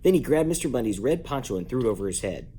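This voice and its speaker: A man reads a children's chapter book aloud at bedtime. His voice sits at a middle pitch but moves a great deal, jumping up high to voice the characters. A faint background noise runs under the home recording. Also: big pitch swings, fast talker, mellow. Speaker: parent reading a bedtime story. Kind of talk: bedtime story read-aloud.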